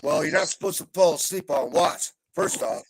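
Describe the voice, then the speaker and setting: A middle-aged man on a live video call, venting in a heavily profane rant that swings between calm and yelling. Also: on the high side, moderate pace, slight background noise. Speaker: panel guest. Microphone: video call mic.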